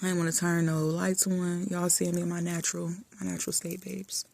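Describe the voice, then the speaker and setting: A woman vlogger chatting casually and affectionately while lying in bed in a dark room, often dropping to soft murmurs. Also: on the low side, little pitch movement, a little fast, creaky, no echo. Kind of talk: casual chat.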